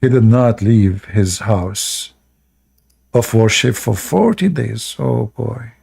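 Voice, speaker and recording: His voice is lowish, gravelly and slightly rough, with a darkish tone, and he takes things slowly. This streamer reads religious stories aloud in non-native English, adding sarcastic commentary and frequently laughing.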